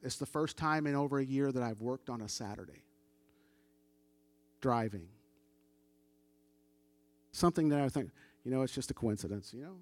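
A man's voice: mid-range voice, lively intonation, moderate pace, long pauses, dry recording. A middle-aged man telling a story as a church testimony, casual and conversational, acting out the dialogue of the people he quotes. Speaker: church member giving testimony.

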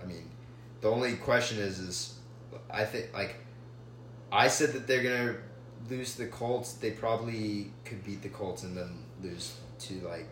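A young man co-hosting a casual sports podcast, excitable and stumbling over his words. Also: fairly low pitch, a little slow, echoey room, slight background noise. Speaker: podcast co-host.

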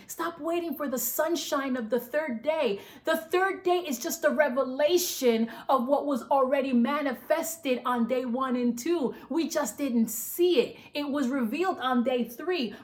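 A woman pastor preaches with fervent, repetitive emphasis, pressing her listeners again and again to listen. Her voice sits a little on the high side. She gets so carried away that she runs short of breath. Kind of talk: sermon.

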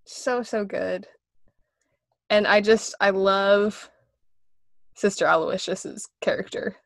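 A woman's voice: medium pitch, fairly even intonation, takes it slowly, vocal fry, dry recording. A young woman hosting a casual film podcast, gushing about a film, laughing often and filling her talk with "like". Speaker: podcast host.

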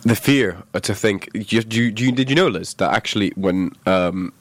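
A man's voice: fairly low pitch, moderate pace. A man hosting a podcast, talking in a chatty, jokey way that often breaks off and restarts, then moving into a news segment. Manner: chatty, self-interrupting, jokey. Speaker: podcast host. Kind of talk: casual chat and news segment. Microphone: throat-worn mic.

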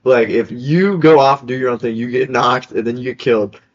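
A man's voice: medium pitch, a little fast, muffled recording. A young man chatting casually as podcast co-host, laughing often and trailing off mid-sentence. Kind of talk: casual chat.

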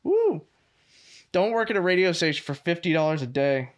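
A man co-hosting a podcast, telling stories in a casual, animated way and laughing often. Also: a little high, fast talker, smooth. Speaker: podcast co-host. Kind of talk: casual chat.

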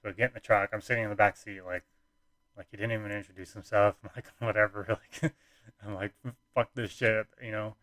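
Young man, low voice, rambling casual storyteller, dead-dry close recording. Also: steady tone, fast, fairly bright tone, no room sound. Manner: rambling, frequent fillers and restarts, nonchalant.

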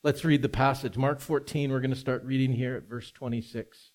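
A man preaching a sermon as pastor, earnest and deliberate, stressing key words as he reads scripture. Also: medium pitch, steady tone, darkish tone. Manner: earnest, slow and deliberate with emphatic rises. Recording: mains hum.

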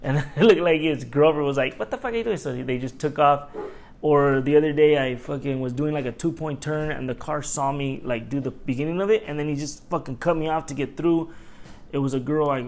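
A middle-aged man hosting a casual solo podcast, ranting in animated, profane stories and acting out what people said. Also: a little high, fairly quick, a little hiss or hum. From Los Angeles area. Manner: animated, profane storytelling with acted-out quotes. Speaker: podcast host.

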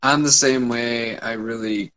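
A man's voice: mid-range voice, steady tone, measured pace, bright, forceful tone. A young man co-hosting a casual podcast chat, rambling with many fillers and swearing freely. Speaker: podcast co-host.

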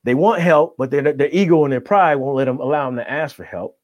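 A man's voice: fairly high pitch, fairly quick, no echo. Middle-aged male life coach, motivational, keeps asking "right?", dry close sound. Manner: energetic, tags nearly every point with "right?". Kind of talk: motivational conversation.

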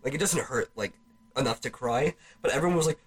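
A man's voice: mid-range voice, quick pace, husky. A teenage boy co-hosting a casual podcast, rambling through stories with many restarts and laughing as he talks. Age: teens. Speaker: podcast co-host. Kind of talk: casual chat. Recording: faint background noise, home podcast setup.

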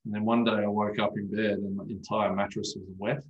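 A man's voice: lowish voice, level tone, fairly quick, echoey room, lo-fi sound. A man speaking as an osteopath guest in casual podcast chat, telling stories animatedly and swearing freely.

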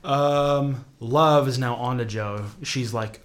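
A man casually recapping a TV show plot, rambling with lots of fillers and trailing off into quiet mumbles. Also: fairly low pitch, flat delivery, measured pace, hardly any pauses. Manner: rambling, filler-heavy, drops quiet when quoting characters.

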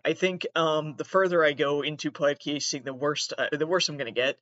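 A woman's voice: low voice, steady tone, fairly quick, a bit bright, no echo. A young woman in her twenties rambles through a solo podcast monologue, swearing freely and poking fun at herself. She sits close to the mic, and the sound is dry, a bit dull, with no room around it. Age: 20s. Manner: rambling, profane, self-deprecating. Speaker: podcast host and comedian.

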